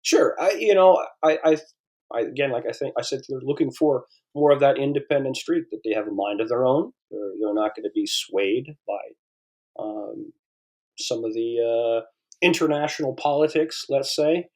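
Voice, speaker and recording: A man's voice: medium pitch, moderate pace, a little mellow. A man in his fifties from the eastern United States, a paleontologist chatting as a podcast guest, rambling and telling stories. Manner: rambling, storytelling, frequent restarts and fillers. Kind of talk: casual interview conversation.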